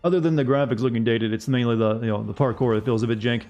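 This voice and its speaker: A man's voice: mid-range voice, steady tone, fast, darkish tone, dull audio, faint music behind. A man streaming a video game, chatting casually and joking with his chat as he plays. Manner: rambling, joking asides to chat. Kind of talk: casual gameplay commentary.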